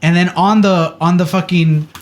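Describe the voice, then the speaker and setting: A man's voice: high voice, steady tone, normal speed. A man co-hosting a podcast, telling a story in casual chat and acting out the quotes with animation. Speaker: podcast co-host.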